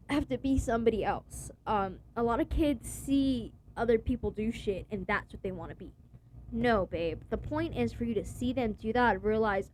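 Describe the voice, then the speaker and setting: A woman's voice: a little high, darkish tone, a little hiss or hum. A young woman vlogging in a blunt, rambling rant full of slang and swearing. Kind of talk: casual profane rant to camera.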